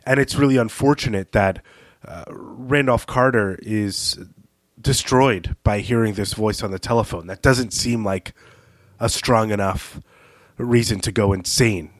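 Thoughtful low-voiced male podcast host. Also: no echo. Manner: thoughtful, hesitant, with fillers and laughs. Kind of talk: casual literary discussion.

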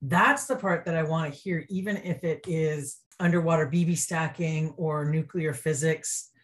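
A woman's voice: low voice, fairly even intonation, normal speed. A woman guest on an interview podcast, a restaurant consultant, talking earnestly and with enthusiasm in casual chat.

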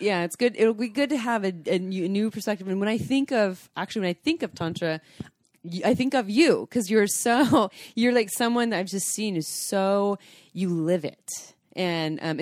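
A woman's voice: mid-range voice, moderate pace, a little mellow, dry recording, studio quality. A woman hosting a podcast in casual chat, chatty and rambling, often restarting her sentences. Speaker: podcast host.

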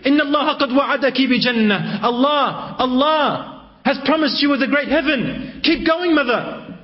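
A man's voice: extremely high pitch, normal speed, pitched above the performer's own voice. A tiny infant voice, sharply raised and pleading with insistent urgency, as a preacher puts it on. It rides well above his usual register and comes through a dull, lo-fi recording. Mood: urgent pleading. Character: infant boy urging his mother on.

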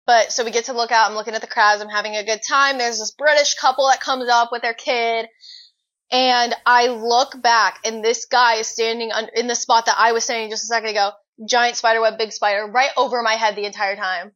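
A young woman co-hosting a podcast, telling a story in an animated, dramatic way. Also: a little high, a little fast. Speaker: podcast co-host. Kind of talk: casual chat. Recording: dull lo-fi recording.

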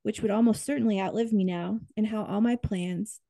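An earnest woman in her thirties hosts an interview, speaking expressively with upbeat agreement. Her mid-pitched voice has a slight gravelly fry. The recording is close and dry. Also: fairly quick, no room sound. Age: 30s. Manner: earnest, expressive, upbeat, tearful while reading aloud. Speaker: podcast host. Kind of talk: interview conversation.

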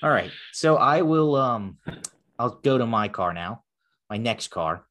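A man chatting casually about cars as co-host, relaxed and full of quick restarts. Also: mid-range voice. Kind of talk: casual car chat.

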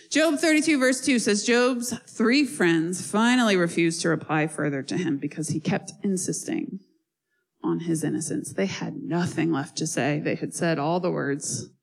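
A woman preaching a sermon in a conversational, animated way, with asides to the listeners. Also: lowish voice, normal speed, rough recording.

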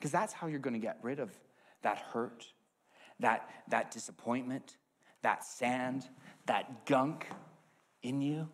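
A man preaching a sermon with an object lesson, swinging between hushed asides and loud emphasis. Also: mid-range voice, slow pace, long pauses.

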